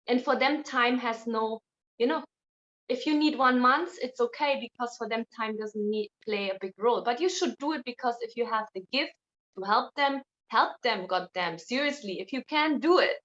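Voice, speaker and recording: A woman's voice: on the high side, normal speed, a bit bright. A woman speaking as an interview guest, blunt and outspoken in casual conversation. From Germany. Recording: dull lo-fi sound.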